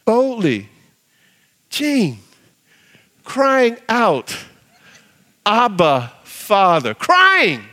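A male pastor preaching with a high, bright voice. He speaks slowly and deliberately and acts out little quoted voices with a lot of life. When he reads scripture he sinks low and soft. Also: lively intonation, big-room sound. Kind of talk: sermon.

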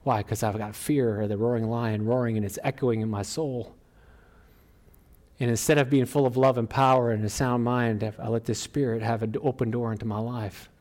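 A middle-aged male pastor preaching from the front of a church. His delivery is animated, climbing higher and louder on emphatic lines. He drops back to a quieter, conversational tone between peaks. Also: moderate pace. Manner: animated preaching, often rising to emphatic exclaims. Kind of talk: sermon.

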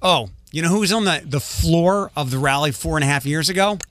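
A man's voice: on the high side, a little fast, fairly bright tone, dry recording. A man hosting a morning radio show, chatting casually and running through local news items from the studio. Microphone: studio microphone.

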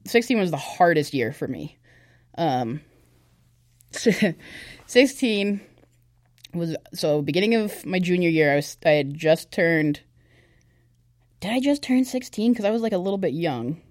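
The podcast guest is a young woman with a lowish, slightly mellow voice, recorded with no echo and clean studio sound. She offers a personal testimony in casual chat, candid and conversational, with plenty of fillers.

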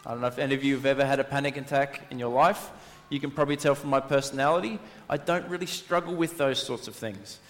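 A married adult man, a pastor, preaches a sermon in a mid-range voice and talks fast. He tells stories with animation, acts out voices, and repeats things for emphasis, all under the long reverb of a church hall.

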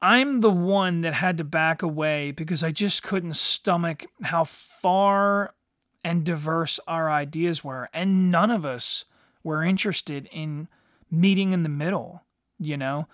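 High bright-voiced guy ranting, blunt and sweary, dry close recording. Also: takes it slowly, no room sound. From United States. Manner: blunt, heavy swearing, frequent "you know". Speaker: podcast host. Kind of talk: profane ranting monologue.

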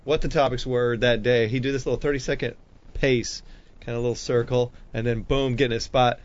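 A man's voice: mid-range voice, fairly even intonation, brisk. Rambling man telling a story. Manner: rambling, restarts phrases. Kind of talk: casual storytelling. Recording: dull lo-fi sound.

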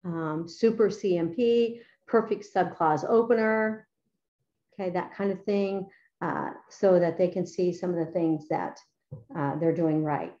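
A middle-aged woman with a lowish, dark voice talks unhurriedly through her paper-editing method as a writing teacher. Enthusiastic and chatty, she fills her speech with fillers, and the recording sounds muffled.

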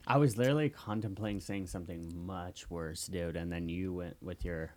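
A man co-hosting a podcast in casual banter, blunt and profane, quick to dismiss things. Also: sits low. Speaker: podcast co-host.

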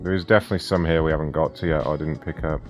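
Brief: male stream host, very low voice, loose and crude, faint music underneath. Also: fairly even intonation, very fast, muffled recording. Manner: loose, profane, joking. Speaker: prank call show host. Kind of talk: casual live-stream chat.

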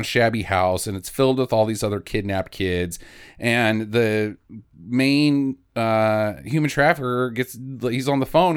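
A man's voice: mid-range voice, clear, resonant tone. A man co-hosting a podcast, recapping a movie in casual chat, laughing often and acting out characters' lines. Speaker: podcast co-host.

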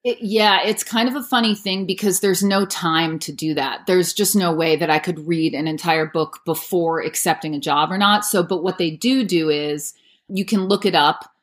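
A woman in her thirties with a fairly low voice talks about her narration work. She is relaxed and chatty, filling her answers with "like" and light asides. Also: normal speed. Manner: chatty, with many "like" fillers and light laughs. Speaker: audiobook narrator and voice actor. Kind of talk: casual interview answers.

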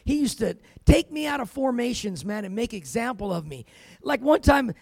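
A man's voice: very high voice, very animated, normal speed, vocal fry, no echo. A man preaching a sermon, telling his own story with emphasis and dropping in "amen" and "man" as he goes. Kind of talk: sermon with personal testimony.

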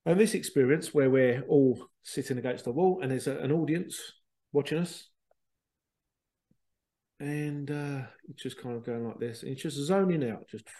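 A man, a spiritual medium hosting a show, telling stories in a chatty, animated way with laughter and the odd swear. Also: mid-range voice. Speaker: spiritual medium and podcast host. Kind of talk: casual storytelling.

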